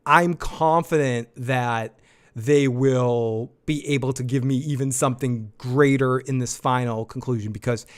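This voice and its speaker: A man with an average-pitched voice hosts a live discussion right after an episode airs. He talks in an excited, rambling stream, circling back and repeating himself, with casual swearing. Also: measured pace, clear, resonant tone. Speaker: show host. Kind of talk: live episode review chat.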